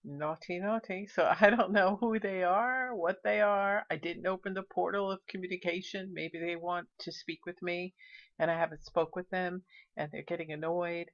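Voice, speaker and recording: A woman's voice: fairly low pitch, fairly even intonation, moderate pace, dull audio. A woman vlogger narrating casually, chatty and explaining each step. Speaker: paranormal vlogger.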